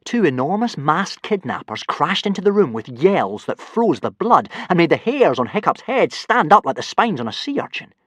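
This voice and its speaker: A man narrating a children's adventure book with expressive delivery. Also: on the high side, moderate pace, few pauses, dry recording. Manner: animated, expressive. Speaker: audiobook narrator. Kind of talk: storybook narration.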